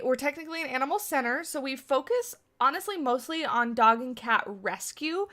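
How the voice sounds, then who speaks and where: A woman's voice: a little high, sharp tone. A woman hosting a game livestream, chatting casually with her viewers, answering their questions and laughing often. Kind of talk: casual livestream chat while building in a game.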